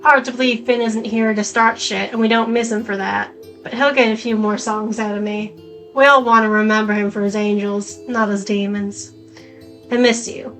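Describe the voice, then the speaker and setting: Young Southern woman writing to a friend, as a woman puts on the accent, halting letter reading, gravelly low-key voice. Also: fairly even intonation, fairly bright tone, faint music behind, close to an everyday voice, low-quality recording. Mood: affectionate. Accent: put-on Southern US. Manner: read aloud from a letter, halting.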